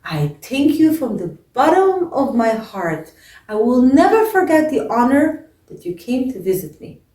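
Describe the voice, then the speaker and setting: Woman doing a gentle old miser, slow and echoey. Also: high-pitched, very animated, pitched above the performer's own voice. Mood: warm, concerned. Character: humble pious old miser, gentle and grateful. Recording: echoey room, voice from a distance.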